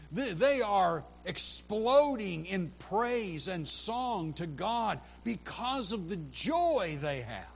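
A man preaches with a high-pitched voice at an unhurried pace, breaking into loud, emphatic quotations. The recording sounds muffled and lo-fi, with a faint hum underneath. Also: gravelly. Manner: animated preaching, rising to loud emphatic quotes. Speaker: pastor. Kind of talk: sermon.

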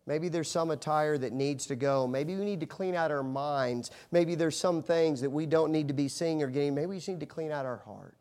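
A middle-aged pastor, a man, preaching with animated storytelling that swings from hushed to loud. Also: fairly high pitch, moderate pace, few pauses. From United States. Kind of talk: sermon.

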